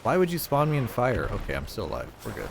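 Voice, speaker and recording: A man's voice: mid-range voice, huge pitch swings, quick pace, gravelly, noisy background. A man streaming a shooter game, rambling in casual chat, swearing freely, with a neutral accent. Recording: loud gunfire from the game behind voice.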